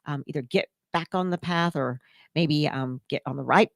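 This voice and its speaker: A woman's voice: low-pitched, moderate pace, creaky, no room sound, clean studio sound. A woman hosting a radio talk show, chatty and encouraging with many fillers. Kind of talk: casual interview chat.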